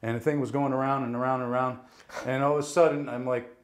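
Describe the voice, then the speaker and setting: A man from New Jersey tells stories from his acting life in a relaxed interview. He talks with energy, slips into other people's voices when he quotes them, and swears in passing. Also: medium pitch, fast, slight background noise. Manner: animated, acts out quoted voices, swears casually. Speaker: guest actor. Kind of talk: casual interview storytelling.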